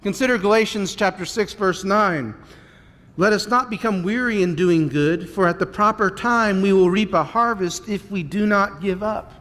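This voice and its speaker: High-voiced preacher in a reverberant church. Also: male voice, fairly bright tone. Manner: measured, repeats key points, asks the congregation questions. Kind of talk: sermon. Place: church sanctuary.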